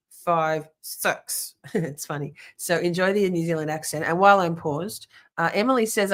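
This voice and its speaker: An Australian woman talks in a fairly low voice. She hosts a livestream and rambles casually, restarting her sentences and answering chat messages as she watches a video. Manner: chatty, rambling, frequent restarts and fillers. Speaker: livestream host. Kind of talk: casual commentary reacting to a video with live chat.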